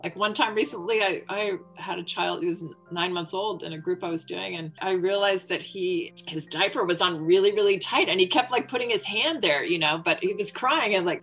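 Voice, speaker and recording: Lady expert explaining parenting stuff, calm and thoughtful, lowish voice. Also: brisk, few pauses, faint music behind, poor audio. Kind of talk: casual interview talk.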